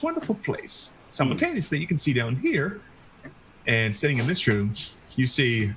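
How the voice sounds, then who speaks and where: A man's voice: lowish voice, a bit bright, slight background noise, low-quality recording. Man narrating as game master. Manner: loose, filler-heavy narration.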